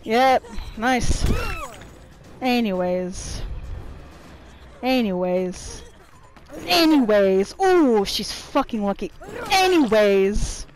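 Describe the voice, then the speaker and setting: A woman narrates her gameplay live, swearing and grumbling at the other players. Her voice sits a bit high and swings widely in pitch. She talks at an unhurried pace. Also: lively intonation, slight background noise, poor audio. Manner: profane, irritated trash talk at opponents. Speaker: gameplay streamer.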